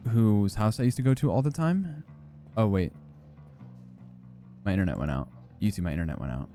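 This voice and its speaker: A man's voice: fairly low pitch, mellow. Rambling young man streaming a game. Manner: rambling, joking, swears, lots of fillers. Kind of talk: casual gameplay commentary.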